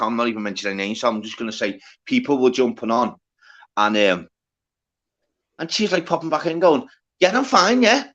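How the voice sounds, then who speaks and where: A man's voice: medium pitch, fairly bright tone, muffled recording. A man hosting a live stream, rambling and repeating himself in casual chat.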